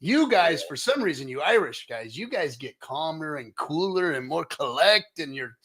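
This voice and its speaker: A man's voice: fairly high pitch, very animated, normal speed, a bit bright, slightly rough. Rambling, hyped male stream host. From United States. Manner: rambling, with many fillers and restarts; jokey and hyped. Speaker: show host. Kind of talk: casual live-stream chat.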